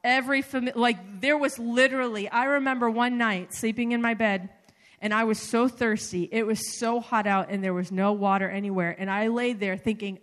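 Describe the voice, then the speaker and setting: A woman giving a sermon, telling personal stories in an animated, conversational way with many fillers. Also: fairly high pitch, normal speed. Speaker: preacher. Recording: reverberant hall.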